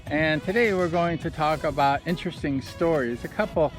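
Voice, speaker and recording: A man with a high voice chats through his old racing stories, amused and easygoing. He talks outdoors by the ocean. Music plays clearly beneath his voice. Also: normal speed. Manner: chatty, amused, self-deprecating storyteller. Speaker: former motorcycle racer telling stories. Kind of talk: casual storytelling vlog. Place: outdoors by the ocean at low tide with his dog. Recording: background music under the voice.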